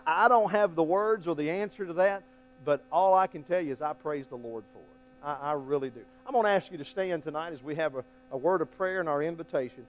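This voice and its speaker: A man preaching a sermon as pastor, folksy and emphatic, swinging between loud appeals and hushed lines. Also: fairly high pitch, lo-fi sound. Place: church sanctuary. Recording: faint mains hum.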